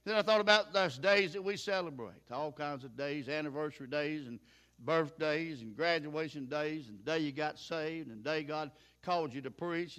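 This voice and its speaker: A man's voice: on the high side, a bit bright, clean tone. An older man preaching a sermon in a folksy, plain-spoken way, chuckling now and then.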